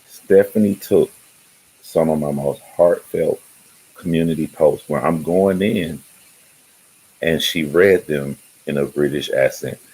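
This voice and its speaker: A man's voice: extremely low pitch, takes it slowly, darkish tone, breathy edge, poor audio. A man hosting his own channel, talking loosely and rambling in casual livestream chat, often laughing. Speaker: YouTube channel host.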